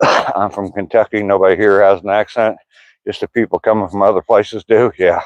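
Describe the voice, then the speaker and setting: A man's voice: lowish voice, little pitch movement, moderate pace, no room sound, lo-fi sound. An older man from Ohio with a Southwest Ohio accent that has an Appalachian tinge, chatting easily while he walks and reads out comments from a live chat. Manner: easygoing, chatty, thinks aloud. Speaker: vlogger reading live chat. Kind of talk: casual live-stream chat while walking.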